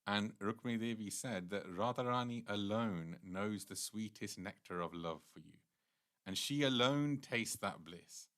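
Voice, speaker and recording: A man with a deep, low voice leads a devotional class. He earnestly retells scripture stories at length in the unhurried way of a temple teacher. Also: a bit bright.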